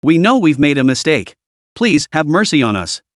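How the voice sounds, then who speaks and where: A man's voice: fairly high pitch, very animated, normal speed, dry recording, studio quality. A man voicing a desperate young woman who pleads and begs. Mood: desperate pleading. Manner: begging, pleading.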